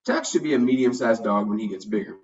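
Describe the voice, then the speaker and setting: A man voicing a patient, kindly father in a children's storybook, explaining things calmly. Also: on the low side, fast. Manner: calm, explaining. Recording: dull, distant home recording.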